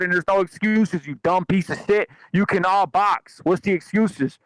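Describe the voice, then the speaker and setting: A man's voice: high voice, moderate pace, hardly any pauses, no room sound, poor audio. A man calling into a podcast, ranting angrily and swearing a lot. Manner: angry, profane, shouting insults. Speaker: caller on open-lines podcast. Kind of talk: heated profane rant.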